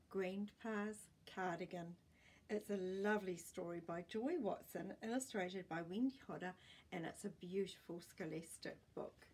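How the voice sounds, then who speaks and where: A woman storyteller reading a children's picture book aloud in an expressive read-aloud manner. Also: mid-range voice, a little hiss or hum.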